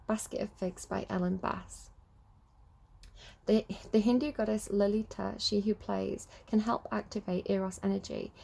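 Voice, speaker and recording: A young woman talks through a tarot reading in a loose, rambling way, often stopping to correct herself as she reads card text aloud. Her voice has a gravelly fry to it and a warm, mellow tone. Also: mid-range voice, a little hiss or hum. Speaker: tarot reader.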